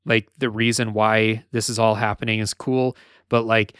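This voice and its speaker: A man's voice: lowish voice, level tone, moderate pace, fairly bright tone, smooth, no room sound, studio quality. A man co-hosting a casual gaming podcast, rambling with lots of filler words and restarts. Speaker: podcast co-host.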